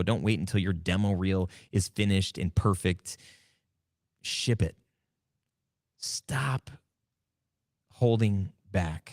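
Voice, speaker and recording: A man hosting his own podcast, telling stories in a casual, animated way and acting out his past conversations. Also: low-pitched, dry recording, clean studio sound. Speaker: podcast host. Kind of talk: casual solo podcast talk.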